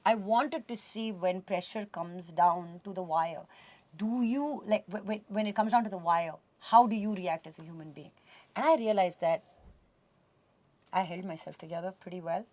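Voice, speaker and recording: A woman from India being interviewed as a guest, talking in an animated, expressive way and slipping Hindi words into her English. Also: lowish voice, normal speed, no echo. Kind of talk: casual conversational interview. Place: radio studio.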